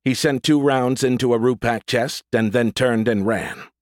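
A man narrates an audiobook in a steady, even storytelling manner. His voice sits at a middle pitch. The close studio recording is dry, with no room sound. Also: moderate pace, few pauses, no echo.

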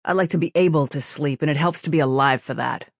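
A gruff starship captain with a sharp edge to his words, as a man reads him. He is blunt and practical. The voice is dry and close to the mic. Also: a little high, fast, no echo. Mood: firm. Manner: sharp-edged, pragmatic. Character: gruff middle-aged male ship captain.

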